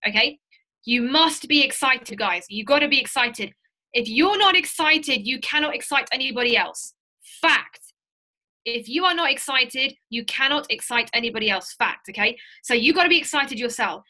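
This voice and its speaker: A high-pitched woman with a bright, forceful voice leads a sales training session. She talks with emphatic energy, repeating key lines to drive them home. She is heard over a video call. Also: lively intonation, normal speed. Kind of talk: live training session with role-play.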